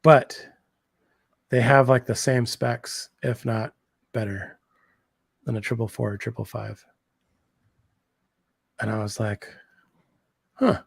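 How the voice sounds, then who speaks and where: A man's voice: mid-range voice, steady tone, slow pace, vocal fry, pauses often, dry recording, clean studio sound. A man in his thirties co-hosting a casual livestream chat, enthusiastic and rambling, full of slang and fillers. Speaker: co-host.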